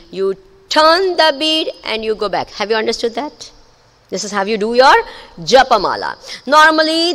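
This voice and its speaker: A woman spiritual teacher giving a discourse, telling stories in an animated way and often checking that listeners have understood. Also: sits high. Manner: animated storytelling, checks the audience. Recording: echoey hall.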